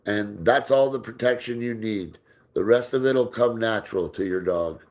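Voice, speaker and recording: A man hosting a casual live stream, reading out viewer comments, answering them, and talking softly to his dog while they play ball. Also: fairly low pitch, normal speed. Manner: reads out and answers viewer comments, often drops into soft baby talk for his dog. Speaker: livestream host.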